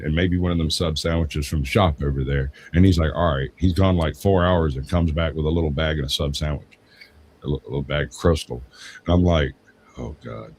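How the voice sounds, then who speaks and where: Deep-voiced Southern man telling a story. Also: a little hiss or hum. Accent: Southern US, Georgia. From Georgia, US. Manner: rambling storyteller, animated when quoting others. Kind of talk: casual podcast chat.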